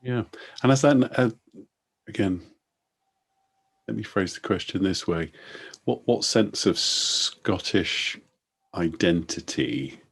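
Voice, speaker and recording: Deep husky-voiced male interviewer. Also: slow pace, pauses often, a bit bright. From England. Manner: thoughtful, rephrases questions. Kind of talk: casual conversation.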